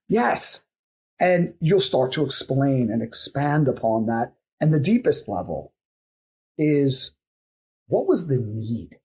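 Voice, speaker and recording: Raspy husky guy on a coaching podcast, voice jumping all over, firing question after question. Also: mid-range voice, a little mellow. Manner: acts out client replies in quick asides. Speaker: coaching expert guest. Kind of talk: podcast interview explanation.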